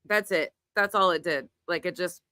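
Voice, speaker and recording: A woman's voice: lowish voice, moderate pace, pushed and bright, clear, resonant tone, no room sound, clean studio sound. A middle-aged woman with a Southern US accent, chatting casually on a livestream and reading out viewer comments, laughing often and swearing now and then. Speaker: livestream host.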